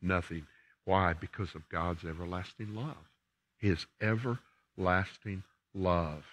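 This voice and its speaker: Man, older, very deep voice, pastor, emphatic sermon, repeats for emphasis. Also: fairly even intonation, takes it slowly, a bit bright. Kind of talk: sermon and closing prayer. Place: church sanctuary.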